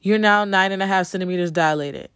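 A woman's voice: medium pitch, fast, fairly bright tone, smooth, no echo. A woman telling viewers a personal story in a conversational way, with frequent ums and repeated phrases. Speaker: vlogger telling her birth story.

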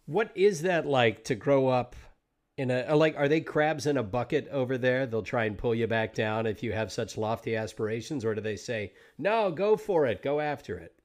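An American man hosting a podcast, interviewing a guest in a relaxed, conversational way with the odd swear word. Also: mid-range voice, moderate pace. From United States. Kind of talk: casual interview chat.

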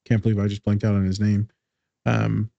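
A man's voice: lowish voice, monotone, a little fast, vocal fry, mellow, no echo, highs cut off. A man talking in a casual podcast chat as a therapist, blunt and streetwise, swearing freely.

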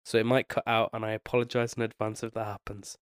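A man's voice: lowish voice, level tone, fast, clear, resonant tone, no room sound, studio quality. A young man with a nasally voice, sick with a bad cold and short on sleep, chatting casually and rambling as a podcast co-host. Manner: rambling, loses his train of thought. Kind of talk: casual chat.

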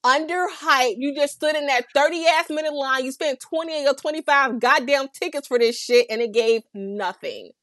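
A woman's voice: high voice, moderate pace, few pauses, fairly bright tone, no echo. A young woman in casual chat, telling a vivid, profane story about her year.

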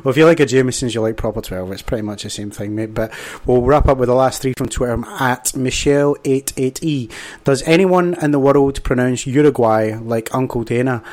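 A man's voice: mid-range voice, brisk, darkish tone. A man with a Scottish accent hosting a casual sports podcast chat, laughing often and calling people mate. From Scotland. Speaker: podcast host.

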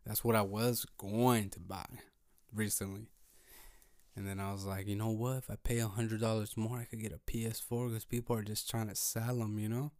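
A man hosting his own podcast, talking slowly and calmly while thinking aloud, in a laid-back, low-energy way. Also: no echo, studio quality. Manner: slow, calm, thinking aloud. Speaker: podcast host. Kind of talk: solo motivational podcast talk.

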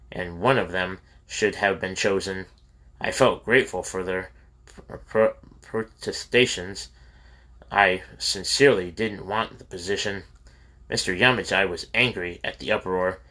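A man reading a memoir aloud in a steady, plain storytelling manner with small slips. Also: low-pitched. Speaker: reader of a memoir.

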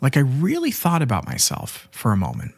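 A man in his late twenties hosts a motivational self-help podcast, speaking with fervent sincerity as he coaches the listener. His voice is slightly husky, and his pitch swings widely as he talks. The recording is close and dry, with no room sound. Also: huge pitch swings, a little fast, dry recording. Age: 20s. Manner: earnest and fervent, with frequent "you know" and "right?". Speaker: podcast host and life coach.

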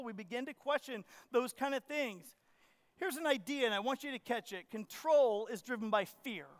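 High-voiced animated male pastor. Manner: animated storytelling, acts out his own panic; asks the congregation questions. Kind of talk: sermon. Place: church.

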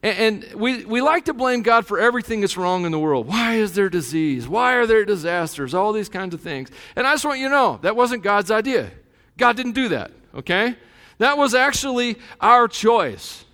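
A man's voice: sits high, big pitch swings, moderate pace, pushed and bright. A middle-aged man preaching a sermon as a pastor, joking and conversational, his emphasis rising as he goes. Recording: long hall reverb.

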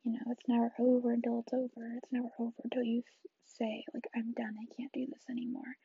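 A young woman in a whispered ASMR chat, talking softly and rambling in a reassuring way, close to the mic in a dull lo-fi recording. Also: on the high side, completely flat delivery, fast talker, creaky, breathy edge, no echo. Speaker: vlogger.

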